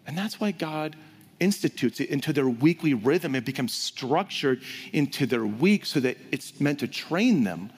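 A man preaching a sermon as pastor, animated, swinging between loud emphasis and hushed whispers. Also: medium pitch, husky. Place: church sanctuary. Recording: hall reverb.

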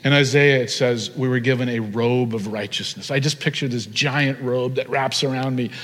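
Male pastor mid-sermon, animated delivery, drawn-out emphasis, ringing church reverb. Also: medium pitch. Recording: long hall reverb.

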